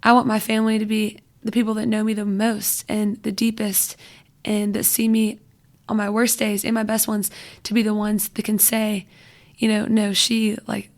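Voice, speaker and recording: A woman's voice: mid-range voice, completely flat delivery, normal speed. A young adult woman guesting on a podcast, chatting casually and filling her speech with "like" and "you know".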